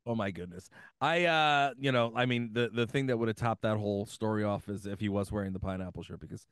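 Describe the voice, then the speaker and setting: A man co-hosting a podcast in casual chat, talking haltingly with many restarts and laughing often. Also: lowish voice, fairly bright tone, clear, resonant tone, dry recording, clean studio sound. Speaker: podcast co-host.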